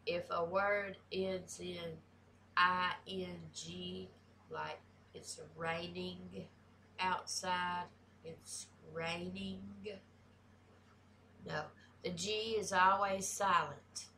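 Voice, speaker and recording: A woman's voice: fairly low pitch, flat delivery, slow, pushed and bright, slight background noise. A woman with a Southern US country accent, talking casually and bluntly as she reacts to a video, swearing freely. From American South.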